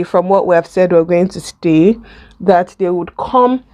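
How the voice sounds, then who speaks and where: Animated Nigerian woman vlogger. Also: on the low side, slow pace. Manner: animated, mixes in Pidgin and laughs. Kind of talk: storytelling vlog while doing makeup.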